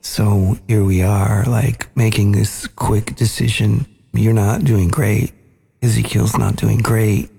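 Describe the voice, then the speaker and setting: A man hosting a podcast, earnestly recounting a family memory in a measured, reflective way. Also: lowish voice, flat delivery, vocal fry, mellow, slightly rough. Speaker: podcast host. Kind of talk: reflective storytelling conversation.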